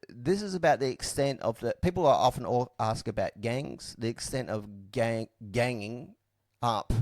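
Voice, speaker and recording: A man's voice: medium pitch, a little mellow, no room sound, clean studio sound. A man in young adulthood, frankly and reflectively telling his story in casual talk, with many fillers and restarts. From Australia.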